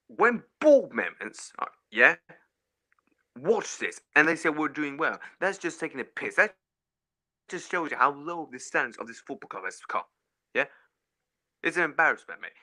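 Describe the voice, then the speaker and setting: A man's voice: a little high, animated, fairly quick, bright, forceful tone. A man ranting in fury as a caller on a fan stream, swearing and repeating "mate" and "yeah". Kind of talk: angry football fan rant.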